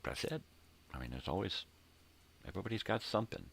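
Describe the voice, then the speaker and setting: A man's voice: lowish voice, lively intonation, a little fast, vocal fry, husky. An older man hosting a rambling, laid-back morning monologue, talking in a casual, profane way from a home room crammed with tapes and records. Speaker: host.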